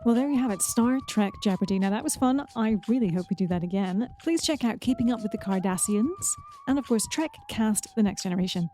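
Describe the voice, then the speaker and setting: A woman's voice: mid-range voice, animated, fairly quick, warm tone, slight background noise. A woman podcast host speaking in an upbeat, friendly way as she chats and signs off the episode. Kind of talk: casual podcast chat and sign-off.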